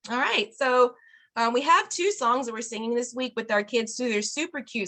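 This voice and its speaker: A cheerful woman leads a Spanish lesson for parents over a video call. Her voice sits a little high and has a bright edge. She keeps things encouraging and laughs easily. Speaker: parent Spanish class teacher.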